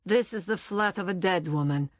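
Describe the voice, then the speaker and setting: Tiny hard-bitten older squatter woman, low, slow, threatening; a woman narrator doing the voice. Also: dry recording, studio quality, lightly acted. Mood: scornful. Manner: blunt, sneering, low and slow when threatening.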